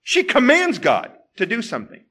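A man preaching a sermon, asking rhetorical questions and swinging from loud exclamations to hushed tones. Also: very high voice, huge pitch swings, normal speed, husky.

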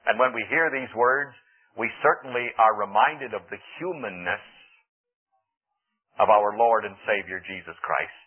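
A man's voice: fairly low pitch, measured pace, slightly rough, phone-quality sound. A man preaching a sermon, telling the story earnestly and dramatically, with rising emphasis. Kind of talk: radio sermon.

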